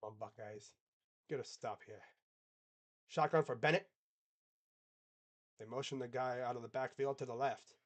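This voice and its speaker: A man's voice: normal speed, pauses often. A man doing casual live play-by-play on a reaction stream, chatting with viewers between calls. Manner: casual, chatty, reads and answers live chat; excited play calls mixed with low asides. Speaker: sports streamer.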